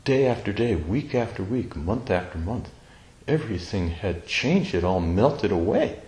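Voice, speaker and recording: A man telling a personal family story in a slow, tender, reflective way, pausing often. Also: lowish voice, lively intonation, a little mellow, reverberant, poor audio. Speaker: speaker sharing a personal story.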